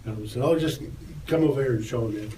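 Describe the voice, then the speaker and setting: A fast, mid-range voice belongs to an older man, a tour photographer being interviewed, who animatedly tells stories and raises his voice as he acts out what people said. The mic is distant and the room roomy, with faint ambience and slight background noise.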